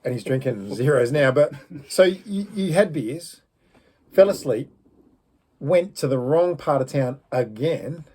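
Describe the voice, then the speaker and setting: A man's voice: mid-range voice, expressive, measured pace, warm tone, husky. A man hosting a podcast, reacting with teasing disbelief and recapping a guest's stories. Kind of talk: casual chat.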